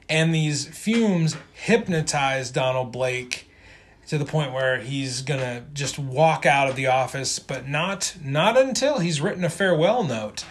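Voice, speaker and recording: Brief: male co-host with a fairly high voice, relaxed, rambling comic recap. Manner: rambling, many ums and restarts. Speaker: podcast co-host. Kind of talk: casual comic book recap.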